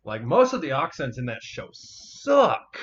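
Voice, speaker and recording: A man's voice: mid-range voice, wildly swooping pitch, unhurried, fairly bright tone. A man hosting a casual podcast chat, rambling and swearing freely with lots of fillers. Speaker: podcast host. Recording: muffled lo-fi home recording.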